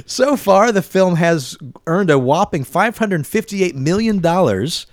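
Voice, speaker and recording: A man's voice: high-pitched, lively intonation, measured pace, hardly any pauses, dry recording. A man co-hosting a casual podcast, chatting loosely and reading news items. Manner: chatty, laughs between lines, swears casually.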